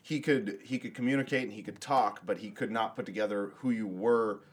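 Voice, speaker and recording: Man, low and husky; matter-of-fact, casual chat. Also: steady tone, brisk.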